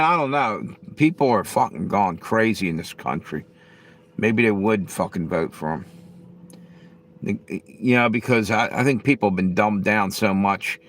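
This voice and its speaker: A man's voice: fairly low pitch, a bit bright. Profane, rambling male live streamer. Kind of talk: casual live-stream chat with viewers. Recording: faint background noise.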